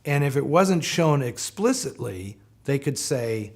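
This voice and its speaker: Guy talking old movies in an interview, animated, does the voices. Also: mid-range voice, unhurried, gravelly, few pauses. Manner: animated storyteller, acts out quotes. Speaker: film historian. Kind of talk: documentary interview.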